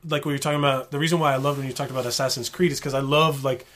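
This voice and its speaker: Brief: male podcast co-host, casual and loose, mid-pitched, quick to laugh and curse. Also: steady tone, a bit bright. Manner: laid-back, swears and laughs a lot. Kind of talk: casual chat.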